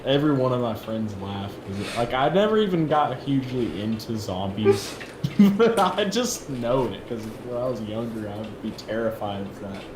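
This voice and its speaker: A man's voice: mid-range voice, expressive, normal speed. A man co-hosting a podcast, chatting in an easygoing way. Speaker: podcast co-host. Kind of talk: casual podcast chat. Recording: roomy with noticeable hiss.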